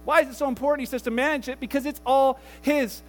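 A man's voice: very high-pitched, fast talker, long reverb tail. A man pastor giving a conversational sermon, retelling a story with casual asides. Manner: animated storytelling, acts out voices, casual asides.

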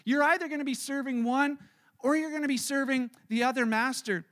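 A man preaching a sermon in church, animated and acting out everyday scenes in little voices. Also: very high voice, brisk. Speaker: pastor. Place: church service.

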